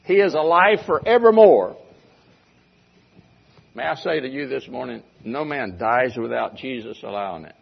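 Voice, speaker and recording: Older man, pastor, husky voice, emphatic sermon delivery, repeats phrases for weight, dull muffled recording. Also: medium pitch, expressive, normal speed, long pauses. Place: church congregation room.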